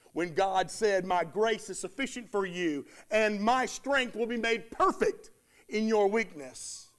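A man's voice: sits high, fairly bright tone. A man preaching a sermon with emphatic, repeating phrases, acting out the words of the townsfolk.

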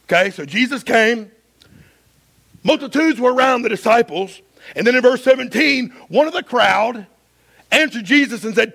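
A male pastor preaching an impassioned sermon that swings between loud emphasis and hushed stretches. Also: extremely high pitch, lively intonation, moderate pace, creaky.

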